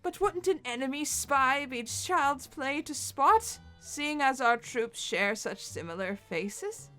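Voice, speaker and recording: A woman's voice: sits high, big pitch swings, slow pace, bright, forceful tone, faint music behind, exaggerated voice. A woman voicing a smug young man with a put-on English accent, talking in a mock-formal, pompous way.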